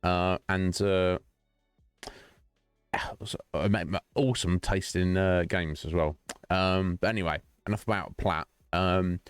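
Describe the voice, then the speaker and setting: A man's voice: sits low, fairly even intonation, slow pace, clean tone, no room sound, clean studio sound, faint music behind. A man streaming and chatting casually with his viewers, rambling, joking and laughing often.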